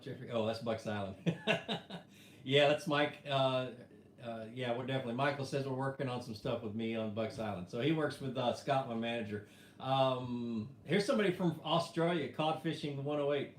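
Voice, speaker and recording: Relaxed man chatting in an echoey room. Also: mid-range voice. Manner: relaxed, rambling, reads viewer questions aloud. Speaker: fishing show host answering live chat. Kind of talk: casual live-stream chat. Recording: echoey room with faint background hum.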